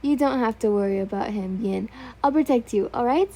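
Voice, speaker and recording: A woman voicing a gentle, protective young man who speaks softly and earnestly. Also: on the high side, a little fast.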